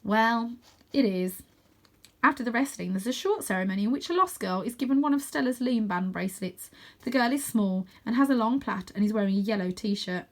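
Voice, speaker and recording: A woman reading a children's novel aloud, with calm, steady first-person narration. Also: on the high side, fast talker. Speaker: storybook reader.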